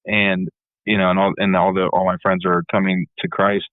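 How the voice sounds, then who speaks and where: Low-voiced man telling a long story. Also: level tone, moderate pace, no echo, phone-quality sound. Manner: rambling, repeats words, many fillers. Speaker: band leader and musician. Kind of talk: casual storytelling in an interview.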